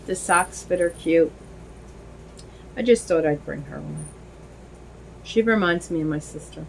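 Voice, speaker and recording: A woman's voice: fairly low pitch, a little mellow, slight background noise, poor audio. A middle-aged woman chatting casually on her home video, rambling with many fillers and restarts. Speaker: vlogger. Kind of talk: casual chat while dressing a doll.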